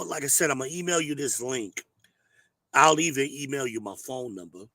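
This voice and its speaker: A hoarse man, hosting an advice show and talking bluntly and emphatically. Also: medium pitch, sharp tone, no echo. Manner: emphatic, preachy, blunt with cursing. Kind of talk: casual advice monologue.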